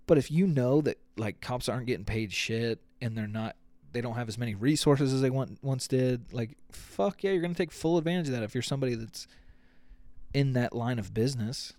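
A man's voice: mid-range voice, expressive, a little fast, a little mellow, dry recording. A man hosting a podcast, ranting in a casual, comedic and profane way and acting out quotes. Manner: profane, rambling, acts out quotes. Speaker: podcast host.

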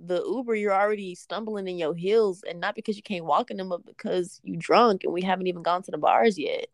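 A woman's voice: on the low side, fairly quick, no echo, clean studio sound. A young woman co-hosting a casual podcast chat, telling exaggerated, profane stories and bursting into laughter. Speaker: podcast co-host.

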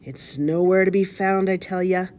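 A woman voicing a gruff, surly male pirate who shouts his lines. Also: on the low side, fairly even intonation, moderate pace, pitched above the performer's own voice, natural voice. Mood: exasperated.

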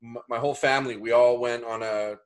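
A man's voice: mid-range voice, steady tone, brisk. A man hosting a podcast, talking in a casual, easygoing way. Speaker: podcast host. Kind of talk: casual chat.

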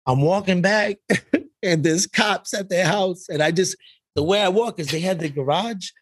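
Young new dude swearing through a party story, kinda high voice, dry close mic. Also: male voice, moderate pace, no echo. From Brooklyn, New York. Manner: profane, animated storyteller who laughs often. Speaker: podcast co-host. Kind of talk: casual storytelling chat. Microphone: podcast microphone.

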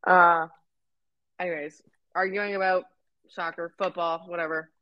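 A woman's voice: fairly low pitch, little pitch movement, unhurried, no echo, highs cut off. A young Canadian woman with a Canadian accent, telling a story on a podcast in casual chat, swearing, laughing and acting out quotes. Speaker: podcast co-host.

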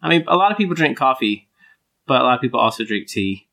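A young man, co-hosting a casual chat, relaxed, laughing easily and saying "like" a lot. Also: mid-range voice, fast talker, gravelly. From United States. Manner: relaxed, laughs often, lots of "like" fillers. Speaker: podcast co-host.

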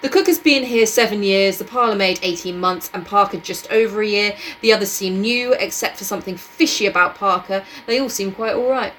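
A woman's voice: medium pitch, brisk, hardly any pauses, fairly bright tone, slight background noise, poor audio. A woman co-hosting a podcast, casually recapping a mystery novel and laughing often. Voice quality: laughs often, loose and giggly. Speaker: podcast co-host.

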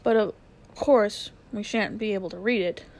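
A woman's voice: mid-range voice, moderate pace, a little mellow, natural voice. A woman voicing a stubborn, curious young boy who speaks loftily and obstinately in a storybook reading. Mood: insistent. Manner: lofty and obstinate.

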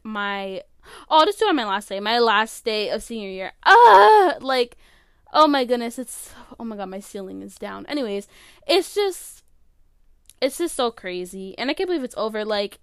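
A high-voiced young woman in her late teens runs her podcast from her bedroom, recording on a phone. Her voice is smooth and the sound is dry and close, with no room around it. She rambles in a loose, chatty way, packing her sentences with fillers and cutting herself off mid-thought. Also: a bit bright, no echo. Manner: rambling, filler-heavy, self-interrupting. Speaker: podcast host. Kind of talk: casual solo podcast chat. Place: bedroom at home.

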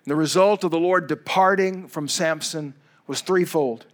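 A male pastor preaching a sermon in an animated storytelling way, with emphatic asides to his listeners. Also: fairly high pitch, normal speed.

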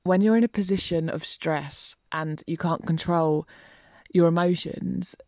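A woman's voice: lowish voice, fairly even intonation, a little slow, a little mellow, no echo, dull audio. A woman telling a personal story to her vlog audience in a rambling, heartfelt and emotional way. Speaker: vlogger. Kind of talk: casual storytelling to camera.

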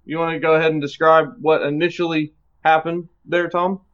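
A man leading a live Bible study discussion, reading scripture aloud and talking in a relaxed way with fillers. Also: fairly high pitch, brisk, muffled recording.

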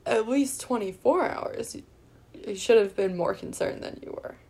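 A woman co-hosting a casual podcast, teasing her friends with quick reactions. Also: a little high, darkish tone. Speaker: podcast co-host. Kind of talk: casual chat.

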